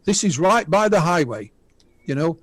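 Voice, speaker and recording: Man, sixties, Northern English accent, a bit high-pitched, dry sound, chatty storyteller. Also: expressive, normal speed, no echo. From north of England. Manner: chatty, retells witness accounts with laughs and asides. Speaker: guest UFO researcher. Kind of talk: casual radio interview storytelling.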